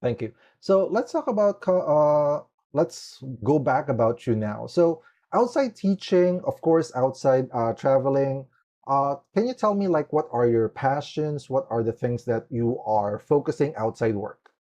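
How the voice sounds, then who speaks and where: A man's voice: medium pitch, lively intonation, measured pace, dark tone. A man hosting a podcast interview in a casual, rambling way, leaning heavily on "like" as he talks. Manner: rambling, heavy use of "like" and "it's like". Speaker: podcast host.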